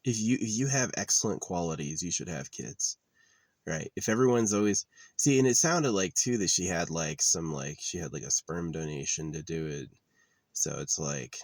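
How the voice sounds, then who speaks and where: A young man talking in a rambling, halting monologue, bitter and blunt, sometimes close to tears. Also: low-pitched, lively intonation, dry recording. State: tearful.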